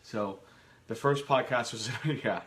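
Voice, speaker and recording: A man's voice: mid-range voice, slow pace, a bit bright. A man co-hosting a live home Q and A from his kitchen, chatting casually and rambling with jokes and restarts. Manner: rambling, jokey, trails off and restarts. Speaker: co-host of a live Q and A.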